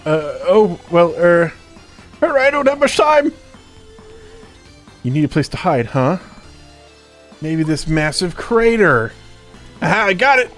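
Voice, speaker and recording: A man's voice: high voice, big pitch swings, unhurried, long pauses, a bit bright, faint music behind, pitched above the performer's own voice, exaggerated voice. A man voicing a nervous young boy who stammers and hesitates. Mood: flustered.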